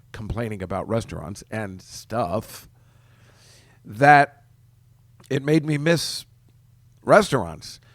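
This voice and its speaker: A man's voice: medium pitch, no echo, clean studio sound. Chatty man rambling on a podcast. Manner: rambling, self-interrupting, chuckling storyteller. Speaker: podcast host. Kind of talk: casual solo podcast chat.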